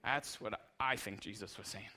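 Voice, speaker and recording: A man's voice: on the low side, steady tone, normal speed, pushed and bright, slightly rough. A man preaching a sermon as pastor, earnest and emphatic, repeating phrases for rhythm.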